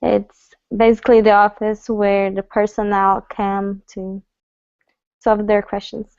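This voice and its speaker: Slow, smooth-voiced woman. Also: medium pitch, level tone, a little mellow, no echo. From Brazil. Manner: measured, hesitant. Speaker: HR assistant, student. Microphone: video call. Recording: muffled lo-fi call audio.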